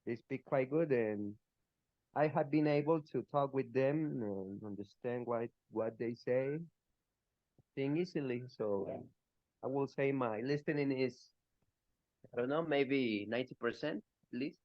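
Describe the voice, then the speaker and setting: Casting note: man as a language student, slow and halting, on a dull video-call line. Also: mid-range voice, dry recording. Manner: hesitant, many fillers. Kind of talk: class discussion.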